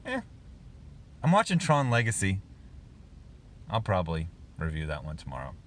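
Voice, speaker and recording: A man's voice: deep voice, wildly swooping pitch, normal speed, slight background noise. A man casually reviewing a film on his own channel, rambling with lots of fillers and restarts and chuckling as he talks.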